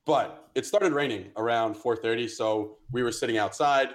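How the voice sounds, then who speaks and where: A man's voice: mid-range voice, normal speed. Profane young man telling a story. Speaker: podcast co-host. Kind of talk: casual chat.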